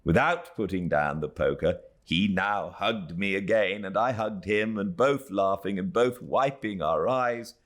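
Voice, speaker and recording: A man's voice: sits low, measured pace, few pauses, fairly bright tone. A British man reading a classic novel aloud as an audiobook narrator at home by a fireplace, telling the story expressively. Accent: British English. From Britain.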